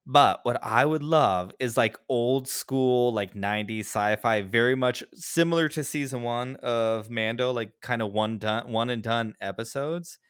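A man's voice: medium pitch, fairly bright tone, clean tone, no room sound. Man, podcast host, casual chat, enthusiastic, dry sound. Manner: enthusiastic, rambling, quick restarts.

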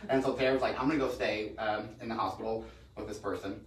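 A man's voice: on the low side, fairly even intonation. A middle-aged man in real estate, telling rambling stories in a casual podcast conversation, often restarting his sentences. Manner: fast, rambling storyteller with frequent restarts. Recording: echoey room, mic at a distance.

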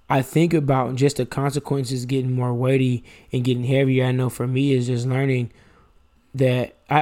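A man's voice: medium pitch, darkish tone. A young man hosting a faith-based podcast, teaching through casual personal stories and often checking in with "right?". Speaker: podcast host.

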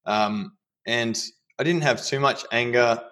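A man's voice: mid-range voice, measured pace, sharp tone. A man talking candidly in a casual conversation, telling personal stories. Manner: candid, storytelling with acted quotes.

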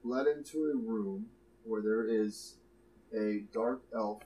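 A man's voice: on the low side, takes it slowly, mellow, reverberant, low-quality recording. Casual man running a tabletop game. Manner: casual, loose narration with restarts. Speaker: game master.

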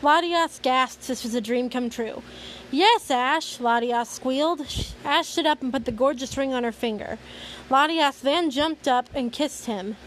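Young woman, high voice, reads fan fiction aloud with stumbles and sarcastic asides. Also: normal speed, a bit bright, a little hiss or hum, rough recording. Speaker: host reading fan fiction.

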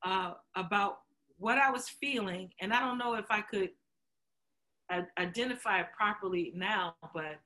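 Woman show host, candid storyteller with a bright, forceful voice, laughs easily and acts out what people said. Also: medium pitch, normal speed. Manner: emotional, chokes up while telling it; laughs often, acts out quotes. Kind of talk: candid conversation.

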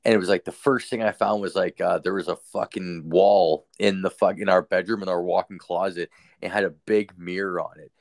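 A man's voice: deep voice, fairly even intonation, a little fast, creaky, no room sound. A young man hosting a podcast, telling a story in a loose, rambling way, swearing constantly and leaning on fillers. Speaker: podcast host. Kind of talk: casual storytelling.

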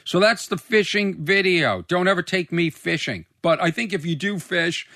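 A man's voice: high-pitched, normal speed, vocal fry, bright, forceful tone, dry recording, studio quality. A man hosting his own podcast as a comedian, rambling loosely, swearing freely and mocking himself. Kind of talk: casual rambling monologue. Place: recording studio.

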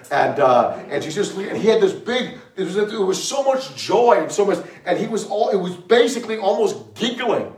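Animated preacher man in echoey hall. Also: sits high, creaky. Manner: animated storytelling with laughs and shouted bursts. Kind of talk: sermon. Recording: echoey room, mic far from speaker.

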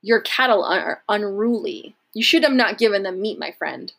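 A woman's voice: mid-range voice, lively intonation, normal speed, breathy edge. A woman reading the lines of a haughty Roman legate with a cool, impatient manner. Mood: disdainful. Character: disdainful Roman male officer, cold and impatient.

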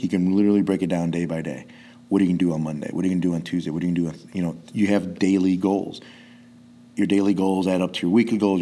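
Low-voiced rambling jiu-jitsu coach. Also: male voice, mellow. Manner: rambling, profane, restarts sentences often. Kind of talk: casual podcast chat.

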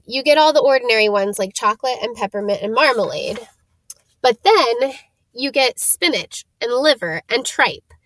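A blunt young wizard boy chats in an offhand way, quick to sound disgusted, as a woman storyteller puts him on. The recording is close and dry. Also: fairly high pitch, fairly bright tone, dry recording.

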